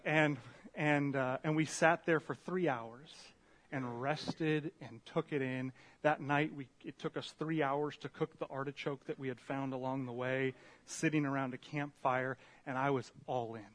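A man preaching a sermon in a church room, telling a story in an animated, self-deprecating way. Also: medium pitch, measured pace. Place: church meeting room with a slide screen.

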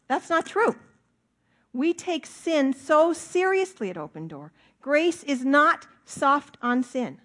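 A woman's voice: sits high, lively intonation. Earnest woman preaching a sermon. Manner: earnest, emphatic, with drawn-out stresses. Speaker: pastor.

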